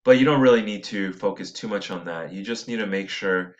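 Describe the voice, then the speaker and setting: The recording is muffled as a man with a lowish voice teaches poetry, slowly reading lines, leaning on stressed syllables, and thinking aloud with small fixes along the way.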